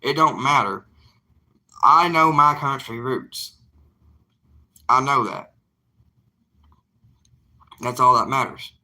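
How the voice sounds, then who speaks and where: A young man speaks in a thick Southern drawl, talking straight to his viewers in a casual vlog. His voice is intensely bright and forceful, and he hammers his points home with folksy repetition. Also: medium pitch, slow pace, pauses often. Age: young adult. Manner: emphatic, folksy, repeats himself for emphasis. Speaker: evangelist vlogger.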